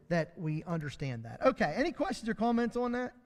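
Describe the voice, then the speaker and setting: A man's voice: sits high, very animated, brisk, few pauses. A man teaching a midweek Bible class in a folksy, storytelling way, with self-deprecating humor. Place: church classroom. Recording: long hall reverb.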